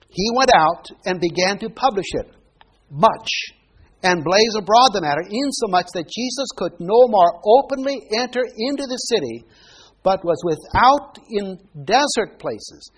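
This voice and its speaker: A high-pitched male preacher with a husky edge teaches his sermon in a conversational way. He talks with his listeners rather than at them, often turning to ask them questions. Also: animated, unhurried.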